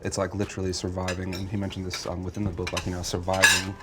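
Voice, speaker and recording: A man from the United States, speaking calmly and thoughtfully in a casual group discussion. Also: low-pitched, fast, very noisy.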